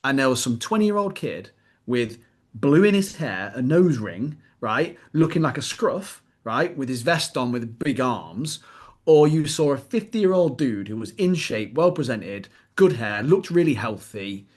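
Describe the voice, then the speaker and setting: A British man co-hosting a casual fitness podcast, blunt and animated, swearing freely as he tells stories. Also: mid-range voice, a little slow. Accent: British English. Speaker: podcast co-host, fitness coach.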